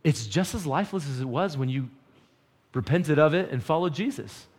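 A man preaching a sermon, shifting from loud urgent peaks to quiet intense lows, with casual slang. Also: lively intonation, moderate pace.

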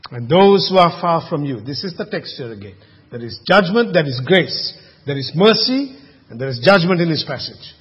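A man preaching a sermon, moving between hushed, quiet passages and loud, emphatic ones. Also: on the high side, big pitch swings, moderate pace, breathy edge. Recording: lo-fi with long reverb in a hall.

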